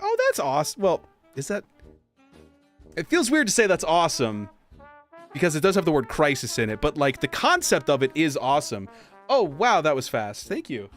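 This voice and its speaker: Lively-voiced man chatting on a game stream. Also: on the high side. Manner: chatty, greets and answers viewers. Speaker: streamer host. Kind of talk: casual livestream chat. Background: soft jazz music.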